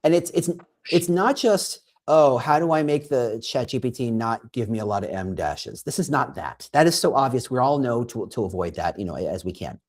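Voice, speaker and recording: A man with a husky, breathy edge to his voice talks through his ideas in a lively, bouncing pitch. He stumbles and restarts often, and slips into little acted-out quotes to make his point. He sounds like an animated guest on an interview show. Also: moderate pace. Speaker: guest expert on recruiting. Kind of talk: conversational interview.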